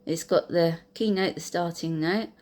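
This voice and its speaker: A woman and piano teacher gently recalling her own learning, talking hesitantly with many pauses and fillers. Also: on the low side, fairly even intonation. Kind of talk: reflective personal storytelling. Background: piano music.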